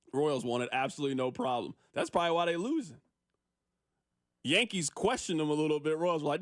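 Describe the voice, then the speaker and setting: A man hosting a sports radio show, riffing on listener texts in an animated, opinionated way. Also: sits high, a little fast, no echo, clean studio sound. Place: radio studio.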